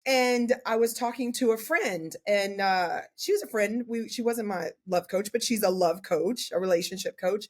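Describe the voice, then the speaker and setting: A woman's voice: mid-range voice, moderate pace, hardly any pauses, darkish tone. Candid woman telling her story. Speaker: podcast guest, portrait photographer. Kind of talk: casual interview chat.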